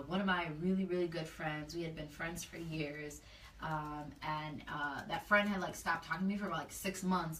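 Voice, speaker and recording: A woman's voice: low-pitched, sharp tone, recorded from a distance, a little hiss or hum. A woman community organizer in a casual interview, speaking earnestly and loosely with lots of fillers. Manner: earnest, talks freely with many fillers. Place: indoor room, livestream. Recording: echoey room, off-mic.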